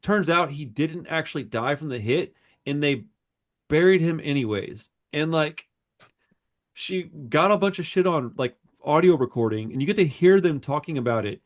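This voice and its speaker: A man with a fairly high voice tells a long story on a podcast in casual chat. He rambles in an animated way, swears freely and keeps tossing in "bro" and "dude.". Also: moderate pace. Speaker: podcast co-host.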